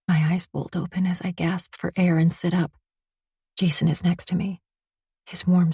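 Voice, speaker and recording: A woman voicing a protective husband gently calming his wife in an audiobook. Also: low voice, husky, no echo, clean studio sound, full character voice. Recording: distant mic.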